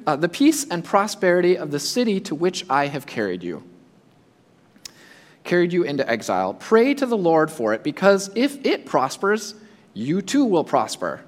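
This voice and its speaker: A male preacher giving a sermon, speaking in a high voice with a lot of movement in his pitch. He acts out the imagined voices of the people he talks about. His voice rings out with a long reverb, as in a large hall. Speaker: pastor.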